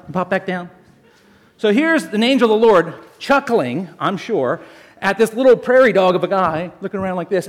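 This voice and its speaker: Animated high-voiced male preacher. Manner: animated, jokey storytelling addressing the congregation as folks. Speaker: pastor. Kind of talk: sermon.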